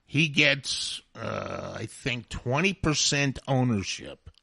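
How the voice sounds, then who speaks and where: A man's voice: medium pitch, animated, takes it slowly, vocal fry, bright, forceful tone, breathy edge, no echo, studio quality. A man co-hosting a radio talk show, rambling through stories and chuckling as he talks. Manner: rambling, storytelling, laughs mid-sentence. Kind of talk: casual sports and TV chat.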